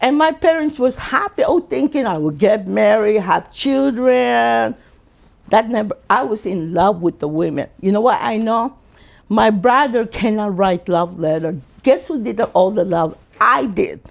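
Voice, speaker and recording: A man, telling his life story as an interview guest in an animated way. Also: a little slow, creaky. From Philippines. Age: 60s. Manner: animated, acts out quotes in high voices.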